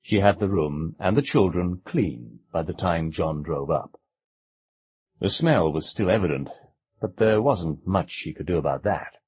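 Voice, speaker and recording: A man narrating an audiobook with measured, expressive storytelling. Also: deep voice, breathy edge. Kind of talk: scripted narration. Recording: dull lo-fi cassette recording.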